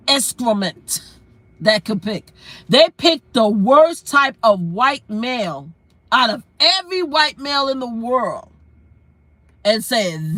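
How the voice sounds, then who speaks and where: A woman's voice: fairly high pitch, a bit bright, no echo. Blunt, emphatic woman ranting from a car. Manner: blunt, emphatic, repeats her points. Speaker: live streamer. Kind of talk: heated live-stream rant. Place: inside a car.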